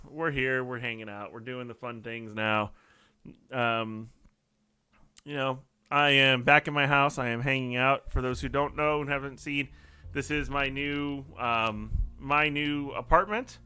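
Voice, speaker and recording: A man's voice: medium pitch, unhurried, pushed and bright, smooth. A man hosting a livestream from his apartment, ranting in a heated, profane, casual way and talking to his chat. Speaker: livestream host.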